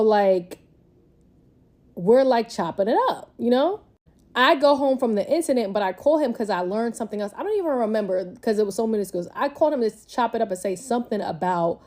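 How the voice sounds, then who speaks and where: A woman's voice: mid-range voice, warm tone. A pregnant young woman telling a personal story in casual story-time style, chatty and full of filler words. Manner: chatty, conversational, lots of "like" fillers.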